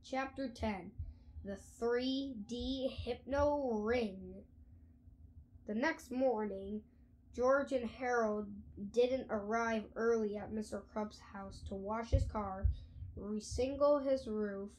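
A woman reading a children's audiobook aloud in an expressive storytelling manner. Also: on the high side, slow. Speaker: audiobook reader.

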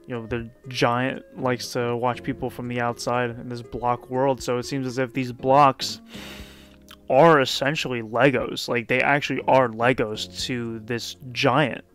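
A man's voice: medium pitch, flat delivery, fairly bright tone, faint music behind. A man casually recapping and commenting on a manga chapter in a loose, chatty way, with plenty of fillers. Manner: loose, chatty retelling with frequent fillers and quick laughs.

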